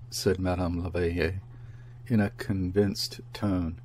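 Slow, low-voiced male narrator. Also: level tone, warm tone. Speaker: audiobook narrator. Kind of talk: scripted literary narration.

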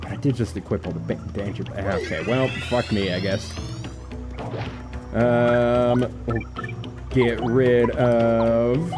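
A man's voice: medium pitch, level tone, slow, music in the background. A man casually commenting while streaming a video game. He is laid-back, swears, and laughs at the game.

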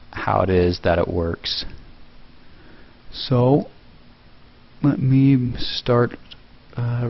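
A man casually talking through a tutorial step by step, relaxed, with fillers and self-corrections. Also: fairly low pitch, highs cut off. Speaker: video tutorial host. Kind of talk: casual screen-recorded tutorial.

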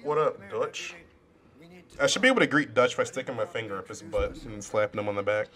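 A man's voice: lowish voice, fairly quick, a crowd in the background. Profane, joking young man playing a game. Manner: profane, sarcastic, jokey; talks to game characters. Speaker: gaming channel host. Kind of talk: casual let's play commentary.

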